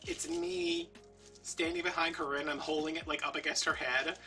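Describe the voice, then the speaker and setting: Chatty man, bright voice, distant mic. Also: fairly high pitch, steady tone, brisk. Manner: rambling, chatty, filler-heavy storytelling. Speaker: crafting YouTuber. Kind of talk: casual chat while crafting. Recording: distant mic with soft background music.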